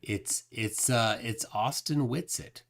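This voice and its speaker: A man's voice: medium pitch, slow, gravelly, a bit bright. A man hosting a casual livestream, reading viewer comments aloud and rambling with lots of fillers. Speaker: livestream host reading chat.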